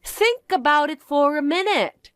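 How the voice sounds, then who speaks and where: In a dramatized story, a woman voices a shrill, spoiled young stepsister with a sing-song, swooping, slow and drawn-out delivery that is animated and a bit bright. She sounds condescending, demanding, smug and bratty. The recording is close and dry with no echo, and faint music plays underneath.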